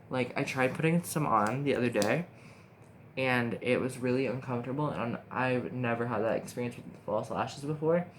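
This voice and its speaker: At a moderate pace broken by long pauses, a young makeup vlogger rambles excitedly through a casual tutorial filmed on his phone. His voice is middling in pitch, he frequently talks to himself, and background hiss persists throughout.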